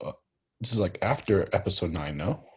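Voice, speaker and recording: A man chatting casually, talking low and murmuring into a laptop microphone, with lots of fillers. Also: expressive, a little fast, slightly rough. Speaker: co-host. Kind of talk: casual chat.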